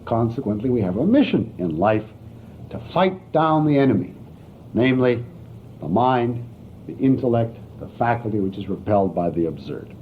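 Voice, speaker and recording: A man's voice: medium pitch, big pitch swings, normal speed. A man giving a university philosophy lecture in an emphatic, wry manner. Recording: tinny, lo-fi archival lecture tape with faint hiss.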